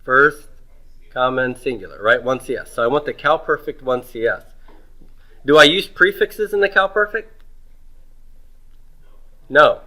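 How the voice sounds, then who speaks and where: A middle-aged man leads a grammar lesson in a bright, forceful voice. He asks questions, pauses, and answers them himself, stretching out words as he spells them. His pitch sits in a middle range. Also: animated, rough recording. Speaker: Hebrew grammar teacher. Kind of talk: homework review lecture.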